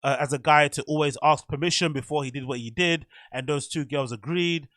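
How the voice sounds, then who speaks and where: Guy hosting a show, opinionated and rambling, kinda high voice, dead dry sound. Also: fairly quick, fairly bright tone, no echo. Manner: chatty, opinionated, meandering. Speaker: host. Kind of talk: casual commentary.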